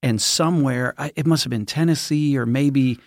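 A man co-hosting a church podcast, telling animated stories in casual chat. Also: mid-range voice, moderate pace, dry recording, studio quality. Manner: animated storyteller, imitates voices in anecdotes. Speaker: podcast co-host, pastor.

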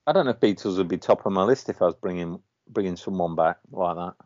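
Speaking fast in a low, slightly mellow voice, this podcast co-host rambles through a casual chat, hesitating constantly and filling gaps with ums and uhs. It's a dull lo-fi recording, completely dry with no room sound.

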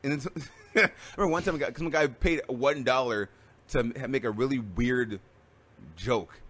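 A man streamer chatting casually, rambling through animated stories with many restarts. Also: medium pitch, normal speed. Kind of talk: casual chat.

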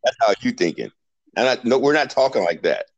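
A playful male podcast host who laughs easily as he talks. His pitch swings widely, which gives his speech an animated bounce. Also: a little fast, lo-fi sound. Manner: playful, laughs often, lively. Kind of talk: casual podcast debate.

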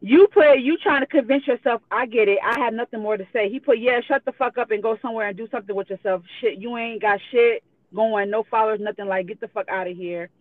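A woman's voice: on the high side, quick pace, dry recording. A woman calling in, reading out messages bluntly and profanely, laughing between them. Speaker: guest. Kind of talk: reading out messages on a live call. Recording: tinny phone line.

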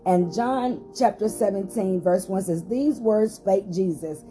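A woman's voice: medium pitch, a little slow, warm tone, soft background music. A woman pastor hosting a short podcast Bible study, reading scripture aloud with rising emphasis and some hesitant fillers.

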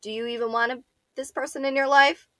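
A woman in her thirties from Buffalo co-hosts a casual podcast chat, talking frankly and cursing freely. Her voice is bright and forward. The sound is dry and close, with no room around it. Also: high voice, little pitch movement, a little fast, no echo. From Buffalo, New York. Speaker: podcast co-host.

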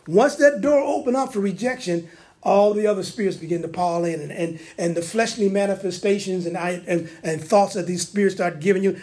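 A male preacher with a notably high voice gives a sermon-style teaching. He speaks with energy and often acts out the people he quotes. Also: fairly quick, a little mellow.

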